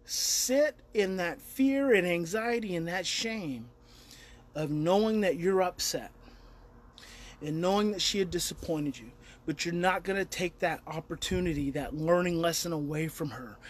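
A man's voice: high-pitched, expressive, a little slow, fairly bright tone. A middle-aged man, a parenting educator, talking casually and emphatically in a monologue, laughing often as he goes.

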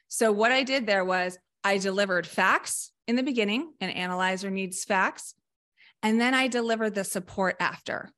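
A woman mental performance coach explaining coaching methods in a podcast discussion, energetic and emphatic, now and then acting out short coaching lines. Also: mid-range voice, moderate pace.

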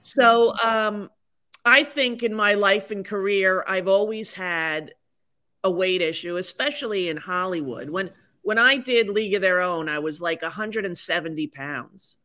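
Bright-voiced woman in her sixties. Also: medium pitch, unhurried. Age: 60s. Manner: chatty, frank and self-deprecating, rambling with fillers. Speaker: podcast guest. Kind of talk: candid conversational storytelling.

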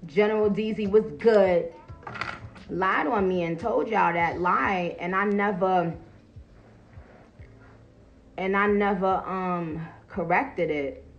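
A woman ranting casually and profanely on a live stream, animated and laughing, getting loud at her peaks. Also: medium pitch, takes it slowly, long pauses, muffled recording, soft background music.

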